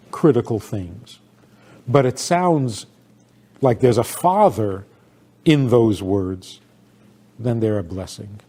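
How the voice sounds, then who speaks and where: Husky animated older rabbi. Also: male voice, mid-range voice. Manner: storytelling, laughs often, rhetorical questions. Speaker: rabbi giving a talk. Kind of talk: informal talk to an audience.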